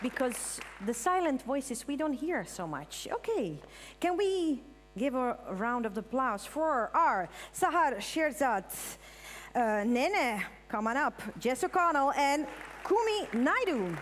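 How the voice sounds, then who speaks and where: A woman's voice: sits high, takes it slowly, a little hiss or hum. A woman hosts a live event on stage, calling out thanks and inviting guests up with easy enthusiasm. Her voice carries a long hall reverb, and a faint murmur of the audience sits behind it. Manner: lively, thanks crew and calls for applause. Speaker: event host.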